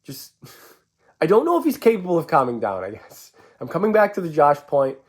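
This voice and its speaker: A man's voice: fairly high pitch, wildly swooping pitch, normal speed. A man talking through his team's loss in a casual sports vlog, rambling with stammered restarts and swinging inflections. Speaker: sports fan vlogger.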